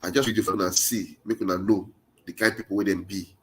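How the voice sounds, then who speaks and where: A political commentator with a low, fairly bright voice talks fast with fairly even intonation. Speaking with a Nigerian Pidgin accent, he delivers a fervent monologue built around repeated rallying calls to his audience.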